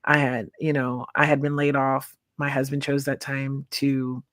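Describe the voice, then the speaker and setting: A woman hosting a veterans' podcast, warm in her affirmations and sharing her own past. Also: extremely low pitch, flat delivery, a little slow, no room sound, studio quality. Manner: encouraging, affirming. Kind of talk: interview podcast.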